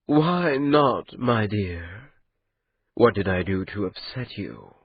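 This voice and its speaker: A man voicing an amused, cruel male spirit held captive, speaking in a slow, calm, mocking drawl. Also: fairly low pitch, creaky, husky, no echo, dull audio, exaggerated voice. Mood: coldly calm.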